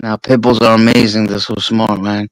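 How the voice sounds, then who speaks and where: A man's voice: lowish voice, moderate pace, no echo, rough recording. A man with a New York accent, a streamer swapping stories in a casual, profane chat. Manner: profane, animated storyteller.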